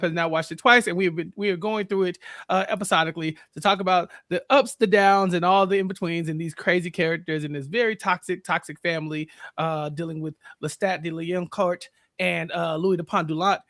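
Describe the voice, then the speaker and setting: A man's voice: sits high, a bit bright, no echo, clean studio sound. A man hosting a casual podcast recap, upbeat and chatty, laughing often. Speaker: podcast host.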